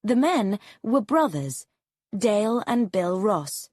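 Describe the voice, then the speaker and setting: A woman reads a graded storybook for English learners slowly and with great care. Her pitch rises and falls a lot, and her voice has a husky edge. The sound is close and dry. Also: animated, a little mellow, no room sound. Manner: slow, clear, deliberate reading. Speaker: story narrator.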